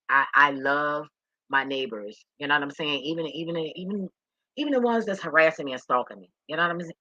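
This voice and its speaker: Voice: mid-range voice, sharp tone, dry recording, lo-fi sound. A vlogger talking straight to viewers in a rambling, profane and emotional way. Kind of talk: candid monologue to viewers.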